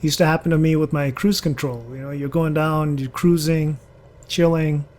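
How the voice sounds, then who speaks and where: A man's voice: a little high, fairly even intonation, moderate pace, darkish tone. A man giving rambling, chatty commentary over a driving game, talking to other drivers as he goes. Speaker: gaming channel host. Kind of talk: casual gameplay commentary.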